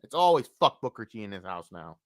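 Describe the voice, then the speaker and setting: A streamer ranting on a live stream, cursing constantly, dropping to low mutters and then bursting out loud, and often repeating the same phrase several times. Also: very animated, fast talker, no room sound, clean studio sound. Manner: profane, swings between low muttering and loud outbursts.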